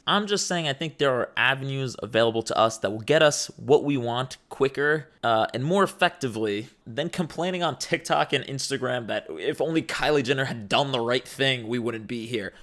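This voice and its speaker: A man's voice: medium pitch, fairly bright tone. A man delivering a comedic rant in a sarcastic, exasperated way.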